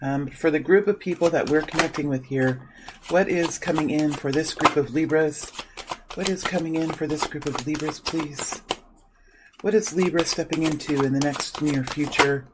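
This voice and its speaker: Soft-spoken man reading tarot cards. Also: a little high, moderate pace, very noisy. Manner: soft-spoken, repeats invocations while shuffling. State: morning voice. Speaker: tarot reader.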